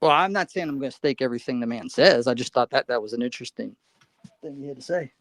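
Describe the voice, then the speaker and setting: Gravelly man rambling through a story. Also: medium pitch, fast, fairly bright tone, no echo. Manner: rambling storyteller, many restarts. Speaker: livestream panelist. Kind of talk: casual panel chat.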